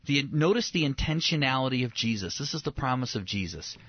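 Animated man teaching the Bible. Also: medium pitch, brisk, slightly rough, no echo, lo-fi sound. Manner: animated, acts out quoted voices, repeats words when excited. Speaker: pastor.

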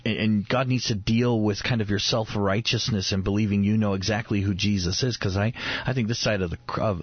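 A man's voice: fairly low pitch, breathy edge. A man in his thirties hosting a devotional radio talk, earnest, often repeating words as he builds a point. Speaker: radio host. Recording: dull lo-fi radio recording.

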